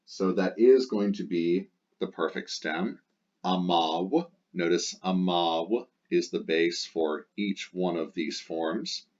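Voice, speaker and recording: A man's voice: low voice, takes it slowly, darkish tone. A man teaching a grammar lesson, explaining step by step and drilling endings aloud in rhythmic lists. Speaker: Latin teacher. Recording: dull lo-fi recording.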